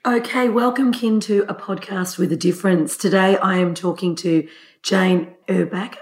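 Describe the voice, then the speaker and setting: A woman hosting a podcast interview, her voice hoarse from a cold, chatting in an upbeat, friendly way. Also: medium pitch, fairly even intonation, normal speed, echoey room, rough recording. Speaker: podcast host. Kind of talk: casual interview chat.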